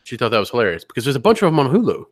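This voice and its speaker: A man co-hosting a podcast, chatting casually and telling anecdotes with animated voice impressions. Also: mid-range voice, rapid-fire, no echo, clean studio sound. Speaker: podcast co-host. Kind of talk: casual chat.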